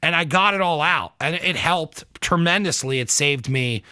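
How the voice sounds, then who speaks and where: A man hosting a casual podcast chat, a profane, animated storyteller who acts out the rants he quotes. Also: fairly high pitch, moderate pace, clear, resonant tone, no echo. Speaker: podcast host.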